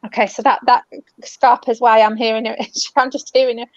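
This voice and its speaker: British woman medium, gentle and soothing, slightly high, muffled dry recording. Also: little pitch movement, fairly quick, no echo. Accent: British English. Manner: gentle, soothing, calls people love and darling. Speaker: spiritual medium. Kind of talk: live online reading. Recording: dull, dry lo-fi audio.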